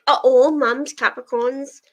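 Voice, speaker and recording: Chatting casually with viewers, a young woman who hosts reading-sprint livestreams laughs often and gets teary. Her high voice keeps fairly even intonation at a slow pace, on a rough recording.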